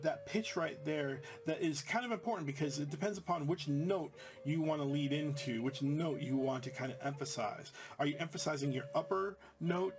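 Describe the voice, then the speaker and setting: A man's voice: a little high, moderate pace, hardly any pauses. A man teaching music in a casual, explanatory way, full of fillers and restarts as he walks students through a new note. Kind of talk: instructional commentary.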